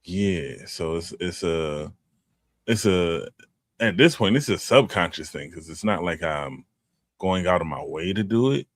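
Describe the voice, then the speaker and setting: A man's voice: sits low, animated, a little slow, no echo, clean studio sound. A middle-aged man co-hosting a podcast, talking in a laid-back, rambling way with lots of restarts. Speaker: podcast co-host. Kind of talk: casual chat.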